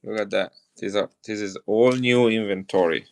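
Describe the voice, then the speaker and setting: A man's voice: lowish voice, fairly even intonation, moderate pace, darkish tone. A middle-aged man with an Italian accent, chatting casually on a live stream as he sells and shows off coins to viewers. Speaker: coin seller on a live stream.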